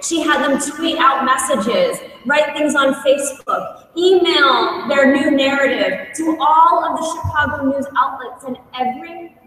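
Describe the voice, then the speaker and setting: A woman teacher giving a conference talk, telling stories in an earnest, animated way. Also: high-pitched, a little slow. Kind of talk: storytelling presentation. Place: large conference hall. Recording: echoey hall, voice from far off.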